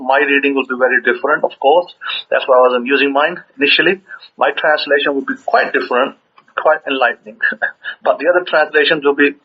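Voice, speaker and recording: A man's voice: medium pitch, breathy edge. A man teaching scripture in a conversational way, often repeating himself and chuckling as he explains. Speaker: religious teacher. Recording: dull lo-fi recording.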